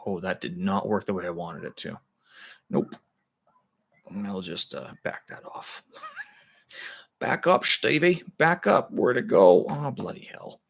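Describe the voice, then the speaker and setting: Man hosting a casual live stream; low voice, halting, searches for words. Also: animated, vocal fry, a little mellow, slightly rough. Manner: explains casually to viewers. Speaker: language learner streaming live. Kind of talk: live stream, thinking aloud.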